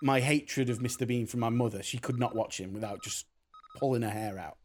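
A man's voice: medium pitch, a little fast. A man co-hosting a casual film podcast, blunt and emphatic with his opinions. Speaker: podcast co-host. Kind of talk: casual film review chat.

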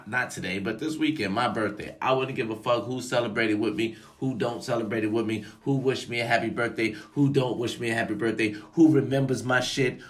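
Young guy ranting about haters, swearing a lot, goes from mumbly low to yelling loud. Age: young adult. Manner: profane, emphatic, swings between loud outbursts and low asides. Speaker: vlogger. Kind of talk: casual motivational rant.

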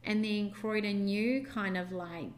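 A woman's voice: medium pitch, fairly even intonation, unhurried, slight background noise. Chatty young woman telling a story. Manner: chatty, rambling with many fillers. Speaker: podcast co-host. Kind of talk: casual storytelling chat.

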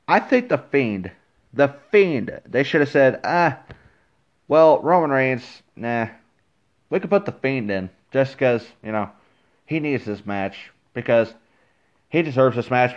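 A man's voice: mid-range voice, dull audio. A man giving a casual, frustrated opinion rant as a wrestling fan, full of fillers and restarts, recorded on his phone.

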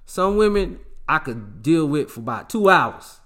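A man's voice: a little high, sing-song, measured pace, fairly bright tone. A man talking in a casual monologue, giving blunt, slangy relationship advice with emphatic delivery. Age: adult with a child.

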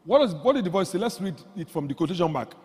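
A man preaching a sermon, swinging from quiet asides to loud exclamations and leading the congregation in call-and-response. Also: fast talker, breathy edge. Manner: animated, jumps from low asides to loud exclamations. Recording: long hall reverb.

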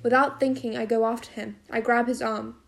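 A woman narrating a first-person novel as an audiobook, in a steady storytelling manner. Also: on the high side, brisk, creaky.

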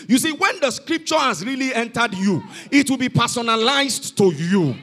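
A man's voice: very high-pitched, sing-song, moderate pace, sharp tone. A man preaching a sermon to a youth conference, emphatic and repeating his calls to the congregation. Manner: emphatic, repeats "you are not hearing me". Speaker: pastor. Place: church hall.

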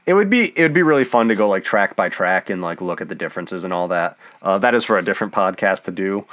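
A young man chatting on a casual podcast with a fairly low voice. He is blunt and swears freely, tossing out jokes and harsh opinions. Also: expressive, quick pace, fairly bright tone. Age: young adult. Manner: blunt, profane, joking. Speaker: podcast co-host and editor. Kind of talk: casual chat.

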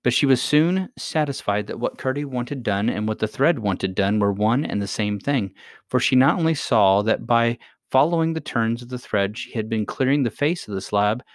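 A man calmly reading a children's story aloud as narrator. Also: medium pitch, dry recording, studio quality.

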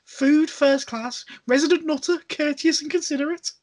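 A woman's voice: moderate pace, a little mellow, close to an everyday voice. Lister, a woman doing a Scouse slob. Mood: gleeful. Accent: Liverpool, put on. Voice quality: broad put-on Scouse lilt, raised pitch. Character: cheerful Liverpudlian slob man from sci-fi comedy.

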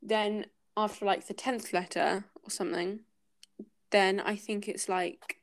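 A woman's voice: medium pitch, fairly even intonation, measured pace. A woman hosting a casual book-club podcast, thinking aloud and hesitating with many fillers as she talks through a chapter.

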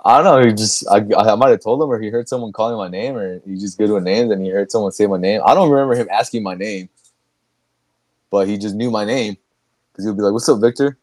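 A man's voice: lowish voice, quick pace, a little mellow, no room sound. A young man hosting a podcast, chatting casually, rambling with restarts and laughing often. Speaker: podcast host. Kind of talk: casual chat.

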